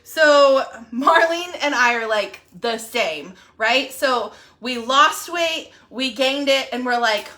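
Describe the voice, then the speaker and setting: A woman's voice: high-pitched, slow pace, bright, forceful tone. A young adult woman chatting casually on a live video, gushing and rambling with lots of fillers. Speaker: wellness app promoter.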